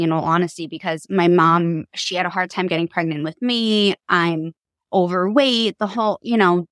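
A woman's voice: lowish voice, fairly bright tone, no echo. A woman in her thirties from Long Island, New York, a podcast guest telling her family story in a candid, chatty way and laughing easily. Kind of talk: casual storytelling.

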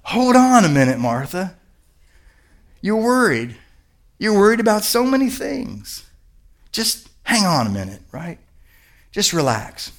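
A calm, kindly man talks softly to an upset friend, in a low and hushed voice, as a preacher acts him out. He tells her to slow down and breathe. His tone stays quiet and patient. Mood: soothing. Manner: soft, gentle, hushed reassurance.

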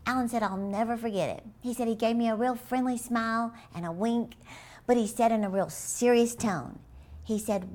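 A woman giving an animated Christian motivational talk, telling stories with emphasis and repeating key phrases. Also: a little high, normal speed. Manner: lively, expressive, storytelling with emphasis. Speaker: Christian inspirational speaker.

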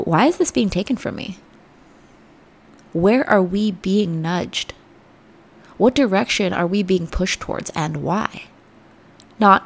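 A woman hosting a podcast, giving an earnest, reflective motivational talk that sometimes drops to soft near-whispers. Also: medium pitch, unhurried, pauses often. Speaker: podcast host. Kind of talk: motivational self-help talk.

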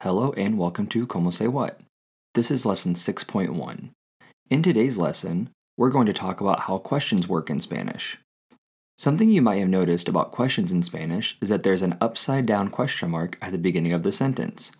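A man with a very low voice narrating a scripted language lesson. He speaks clearly and deliberately, setting out example sentences for the learner. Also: expressive, a little mellow. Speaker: language teacher.

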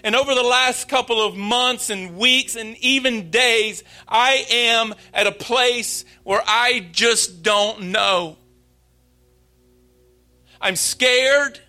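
Pastor in his late 30s, sermon, very high voice, slow, heartfelt delivery. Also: bright, forceful tone, soft background music. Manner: earnest, confessional, slow and emphatic.

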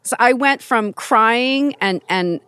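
A woman's voice: fairly high pitch, slow, fairly bright tone, clear, resonant tone, dry recording, low-quality recording. A middle-aged woman, a podcast guest, telling personal family stories in a casual, emotional way, with frequent restarts. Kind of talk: casual conversational storytelling.

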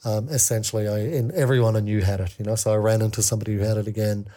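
Man, podcast guest, candid storytelling, mellow dark tone, halting delivery. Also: fairly low pitch, steady tone. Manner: halting, many fillers and restarts.

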